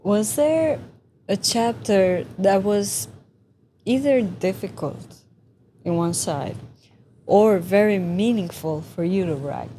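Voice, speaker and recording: Woman host asking questions real slow, mellow dark voice, faint hum behind. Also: mid-range voice. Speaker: podcast co-host.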